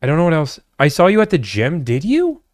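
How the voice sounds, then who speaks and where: A man's voice: a little high, wildly swooping pitch, a little fast, dry recording, clean studio sound. Laid-back man chatting to a livestream. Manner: laid-back, chatty, answers chat questions. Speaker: livestream host answering chat. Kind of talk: casual livestream chat.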